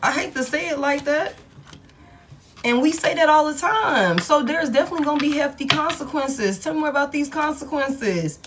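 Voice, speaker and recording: A woman giving a live tarot reading to her viewers, blunt and heavy with swearing, swinging between loud hype and low muttering. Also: expressive, moderate pace, noisy background. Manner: blunt, profane and emphatic. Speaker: tarot reader.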